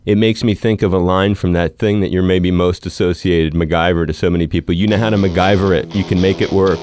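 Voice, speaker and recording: A man hosting an interview, asking conversational questions and leading into new topics. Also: deep voice. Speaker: host.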